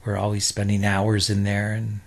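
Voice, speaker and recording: A man's voice: fairly low pitch, monotone, normal speed, creaky. A man in his sixties from New York, a guest telling rambling anecdotes in a loose, chatty way full of "uh" and restarts. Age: 60s. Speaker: interview guest.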